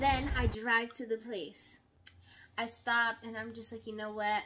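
A young adult woman telling a storytime to her viewers in casual chat, animated and dramatic, acting out her own quotes. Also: on the high side, moderate pace, noisy background.

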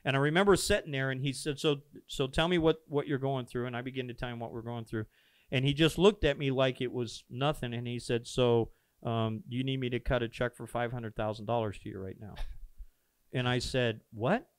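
A man with a smooth, resonant voice tells a personal story on a podcast. He is earnest and animated, acting out each quoted exchange. The sound is dry and close, with nothing heard behind him. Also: medium pitch, brisk, dry recording. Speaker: pastor telling a founding story. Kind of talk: casual storytelling conversation. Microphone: podcast microphone.

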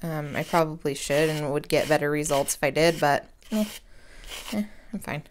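A woman's voice: deep voice, steady tone, moderate pace, a little hiss or hum. Chatty woman crafting at her desk. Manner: chatty, rambling and self-deprecating, with slangy asides. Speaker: crafting vlogger. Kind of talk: casual craft tutorial chat.

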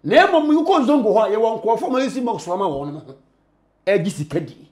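A man being interviewed, talking in an emphatic, preachy way with sudden loud bursts. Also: high voice, sing-song, fairly quick. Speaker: interview guest. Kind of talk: animated conversational interview.

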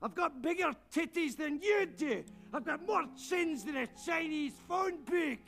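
An actor playing a crude, gluttonous obese henchman with a Scottish accent and a bellowing, gravelly voice, in a film comedy. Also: extremely high pitch, animated, measured pace, a bit bright, in a large hall, soft background music, full character voice. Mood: self-pitying.

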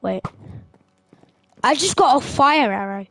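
A woman giving casual, excitable gameplay commentary as a streamer. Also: sits high, slow pace, dry recording. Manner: excitable, yelps and exclaims while playing. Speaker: gaming streamer.

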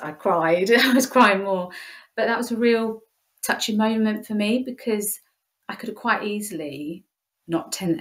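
A woman with an English accent speaks in a fairly low voice as an interview guest. She tells a personal story with heartfelt feeling, often restarting her sentences. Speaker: interview guest, youth leader. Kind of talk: conversational interview.

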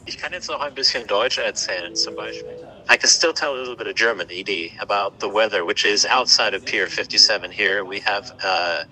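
A man giving a live product demo on a phone call outdoors by the water, talking haltingly with repeated words and fillers. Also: on the low side, sharp tone. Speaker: tech demo presenter.

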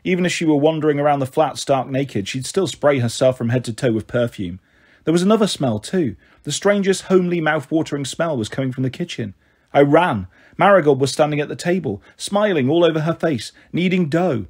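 Guy calmly reading a kids novel out loud, kinda high, husky voice. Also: a little fast. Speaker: storyteller. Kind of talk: reading a children's novel aloud.

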